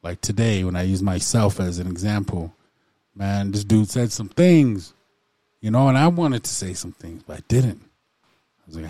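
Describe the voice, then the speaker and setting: A man with a low voice talks things through on a podcast. He is reflective and repeats phrases as he works out what he means. The recording is dry and close. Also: normal speed, dark tone, dry recording. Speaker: podcast co-host. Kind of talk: casual podcast chat.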